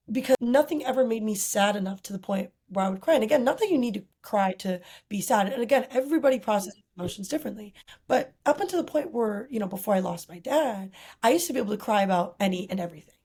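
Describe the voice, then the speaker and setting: A woman's voice: a little high, a little mellow, husky. Earnest young woman sharing reflections. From Costa Rica. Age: young adult. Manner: earnest, thoughtful, many fillers like "you know" and "like". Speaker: podcast guest. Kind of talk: reflective conversational interview.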